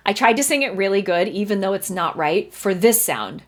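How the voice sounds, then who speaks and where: A woman's voice: medium pitch, animated, fairly quick. A woman in her thirties hosting a singing lesson podcast, chatting casually and breaking into short sung vocal examples. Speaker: voice teacher and podcast host. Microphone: studio mic.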